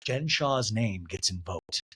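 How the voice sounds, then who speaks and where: A man hosting a podcast, recapping a reality show in an animated, wry way. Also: lowish voice, slow, husky, dry recording, studio quality. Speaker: podcast host. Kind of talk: comic TV recap.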